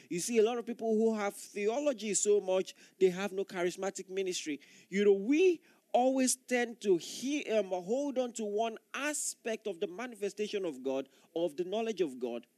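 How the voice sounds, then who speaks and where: A man's voice: high-pitched, darkish tone, dry recording, clean studio sound. A male pastor preaching a sermon in an earnest, emphatic way, repeating key phrases for weight.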